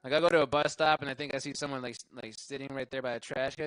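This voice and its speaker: A man's voice: mid-range voice, rapid-fire, fairly bright tone, dry recording, low-quality recording. Young male comic, loose rambling stand-up delivery, swears a lot, dry mic sound. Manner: rambling, laughs at his own jokes, profane. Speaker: stand-up comedian. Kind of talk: stand-up comedy set. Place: live show venue.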